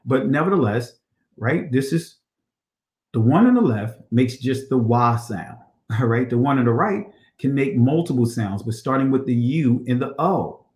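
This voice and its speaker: Male lecturer, mid-pitched, asks and answers his own questions, recorded in a roomy space. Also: animated, darkish tone. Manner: reads quotes slowly, then repeats them with rhetorical questions. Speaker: religious teacher. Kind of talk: lecture over on-screen slides.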